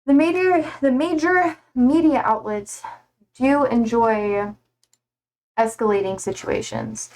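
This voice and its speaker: Rambling woman streamer, slightly high voice. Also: slow pace, darkish tone. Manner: rambling, laughing, self-deprecating. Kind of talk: casual chat reading live chat.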